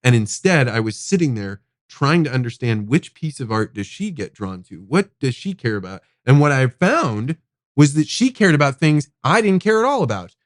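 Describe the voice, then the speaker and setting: A man hosting a podcast tells a personal story, rambling and animated, with some casual swearing. His voice is recorded close and dry, with no room sound around it. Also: mid-range voice, normal speed, dry recording. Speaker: podcast host.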